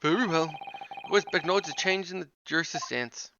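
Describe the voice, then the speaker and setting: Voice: mid-range voice, background noise, lightly acted. A streamer doing a formal old judge. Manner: measured and formal. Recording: muffled, with game music behind.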